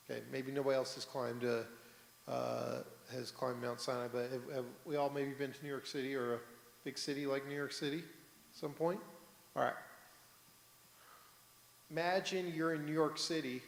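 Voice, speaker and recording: Rabbi preaching in a reverberant sanctuary. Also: male voice, on the high side, creaky. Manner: storytelling, asks the congregation questions. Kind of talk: sermon. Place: synagogue sanctuary, on the bima. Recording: echoey hall, roomy reverb.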